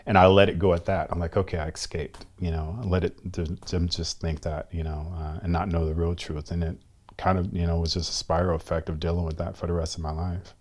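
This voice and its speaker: A middle-aged man from the United States, a guest telling a personal story in a halting, reflective way. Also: low voice, little pitch movement, a little mellow. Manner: halting, reflective, slows down often.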